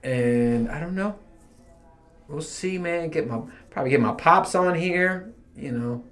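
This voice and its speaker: A man's voice: fairly high pitch, unhurried, a bit bright. A man hosting his own podcast, rambling through casual stories with lots of swearing and frequent laughter. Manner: profane, storytelling, laughing often. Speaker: podcast host.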